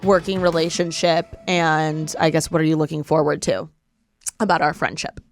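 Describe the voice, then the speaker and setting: A young woman hosting a podcast, upbeat and giggly, asking quick casual questions. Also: sits low, fairly even intonation, faint music behind. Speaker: podcast host. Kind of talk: casual chat.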